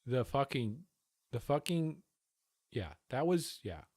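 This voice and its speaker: A man's voice: mid-range voice, sing-song, takes it slowly, darkish tone, dry recording. Profane sarcastic male streamer, dry close mic. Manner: profane, sarcastic, talks over the clip. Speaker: streamer reacting to a news panel. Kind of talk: casual livestream commentary.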